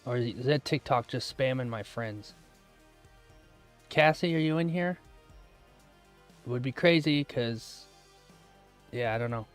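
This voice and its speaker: A man running a day-trading live stream, chatting casually and answering viewers' comments aloud, relaxed and quick to laugh. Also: mid-range voice, soft background music. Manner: relaxed, laughs often, trails off mid-thought.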